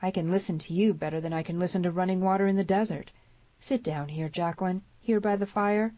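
A woman's voice: fairly low pitch, fairly quick, dark tone, no room sound, muffled recording, voice pushed up, lightly acted. A woman voicing a grave, stern young frontier man who speaks gloomily, in an audiobook.

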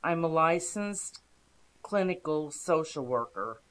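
A narrator giving a calm, steady, scripted reading of first-person inspirational stories. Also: medium pitch, slow.

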